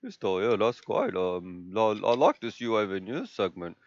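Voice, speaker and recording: A man voicing his pet Labrador as a dopey, slow-talking dog in live stream banter. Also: lowish voice, big pitch swings, no room sound, highs cut off, pitched below the performer's own voice. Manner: slow, dim, drawling.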